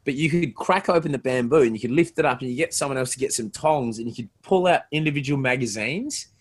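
A man's voice: medium pitch, fast talker. Young aussie guy, sweary and laughing, telling wild stories on a podcast. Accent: Australian. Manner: crude, laughing, animated storyteller. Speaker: podcast guest. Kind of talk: casual storytelling chat.

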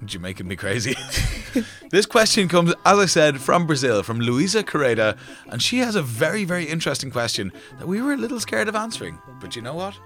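A man's voice: on the high side, big pitch swings, a little fast, fairly bright tone, soft background music. A man co-hosting a casual podcast, playful and jokey. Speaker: podcast co-host.

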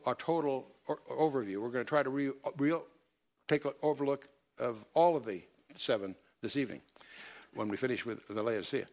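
A man teaching a Bible study lecture, emphatic, quoting scripture in old-fashioned wording, with many fillers and self-corrections. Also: fairly high pitch. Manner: emphatic, quotes scripture in King James wording.

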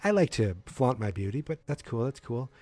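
A man's voice: medium pitch, big pitch swings, moderate pace, a little mellow, husky, dry recording. A man hosting a casual solo podcast, rambling with many fillers and self-corrections. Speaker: podcast host.

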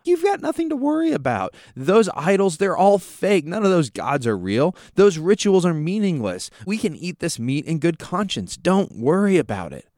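A man's voice: high voice, big pitch swings, moderate pace, few pauses, a little mellow, no echo, clean studio sound, pitched above the performer's own voice. A man voicing a reassuring older Christian host at a meal, in a breezy and dismissive manner.

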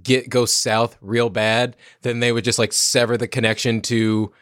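A man's voice: mid-range voice, flat delivery, normal speed, a bit bright, clean tone, no room sound, clean studio sound. A man playing in a tabletop game, describing his character's actions loosely with restarts. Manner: loose and hesitant, with restarts and laughs. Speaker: player. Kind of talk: casual tabletop play.

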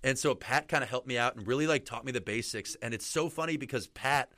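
A man's voice: mid-range voice, fast talker, sharp tone, dry recording. A young man, a wrestler guest, telling stories in a casual, rambling way with many fillers. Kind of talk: casual storytelling interview.

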